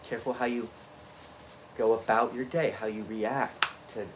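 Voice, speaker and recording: A man in an unscripted, rambling monologue, swinging between low muttering and emphatic outbursts and often cutting himself off mid-thought. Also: flat delivery, moderate pace, noisy background. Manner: frequent self-interruptions and restarts. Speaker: vlogger.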